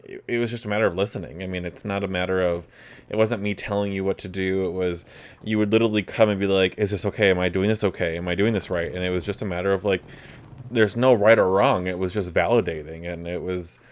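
A man who is the host's partner, speaking on a podcast in a halting way with many fillers and restarts. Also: low-pitched, fairly even intonation. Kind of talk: casual conversation.

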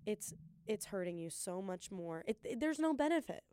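A young woman hosting a solo podcast, giving an earnest, excited pep talk and talking fast. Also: medium pitch, clear, resonant tone, dry recording, clean studio sound. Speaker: podcast host.

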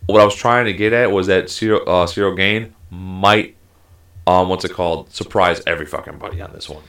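A man's voice: sits low, steady tone, fairly quick, a bit bright. A man co-hosting a casual sports chat, talking heatedly and emphatically with lots of swearing. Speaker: podcast co-host.

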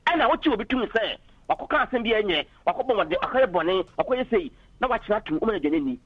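A man's voice: high voice, sing-song, quick pace, dry recording. A man calling in to a political radio talk show, arguing passionately and switching into English phrases, heard over a dull phone line. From Ghana.

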